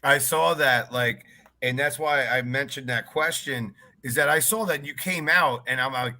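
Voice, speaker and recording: Bright-voiced enthusiastic male host. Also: medium pitch, moderate pace. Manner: enthusiastic, filler-heavy questions. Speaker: podcast host. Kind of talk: casual interview chat.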